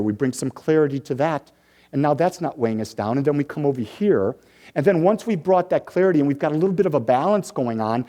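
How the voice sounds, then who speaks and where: A man's voice: high-pitched, warm tone. A minister in his fifties from the Detroit area gives a sermon, telling stories with playful asides and building his points through repetition. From Detroit area, USA.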